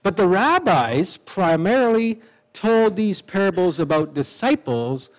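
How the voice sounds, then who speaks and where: A man's voice: high voice, big pitch swings, a little slow, poor audio. A man preaching a sermon in a conversational way, with asides and restarts.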